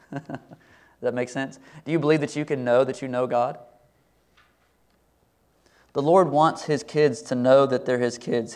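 A man's voice: mid-range voice, a little mellow. A middle-aged man preaching a sermon as pastor, earnest and conversational, often asking his listeners questions. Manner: earnest, conversational, asks the congregation many questions.

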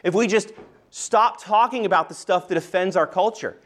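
A man preaching a sermon, reading scripture aloud and slowing down and softening his voice to stress key points. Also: high voice. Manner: earnest preaching, slows and softens for emphasis. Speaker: pastor.

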